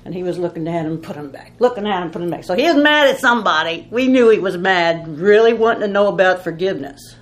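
A woman's voice: lowish voice, animated, quick pace, few pauses, reverberant. Folksy woman teaching the Bible. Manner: folksy storytelling with rhetorical questions.

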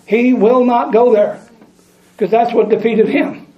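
A man's voice: extremely high pitch, steady tone, unhurried. A man preaching a sermon, reading scripture aloud and repeating lines for emphasis. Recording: echoey room, dull lo-fi sound.

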